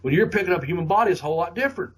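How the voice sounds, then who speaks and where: A man's voice: sits high, lively intonation, very fast, slightly rough. A middle-aged man hosting a podcast, telling rambling, heavily profane stories in a casual way. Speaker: podcast host. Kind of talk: casual storytelling.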